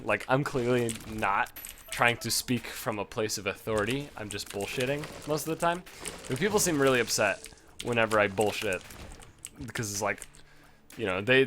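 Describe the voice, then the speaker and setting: Rambling man with a bright voice. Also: mid-range voice, slight background noise. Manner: rambling, self-deprecating, swears casually. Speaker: gaming video host. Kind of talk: casual gameplay commentary.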